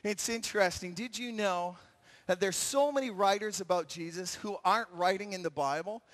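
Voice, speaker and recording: A man giving an animated sermon at a retreat, telling stories with shouts and acted-out voices. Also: sits high. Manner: lively storyteller acting out scenes with shouts. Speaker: retreat speaker. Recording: long hall reverb.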